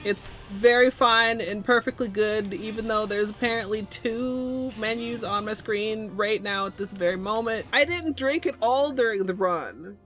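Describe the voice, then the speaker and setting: A woman's voice: on the high side, measured pace, hardly any pauses, a bit bright, soft background music. A woman hosting a casual livestream, chatting with crude, self-mocking, playful jokes. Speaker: livestream host.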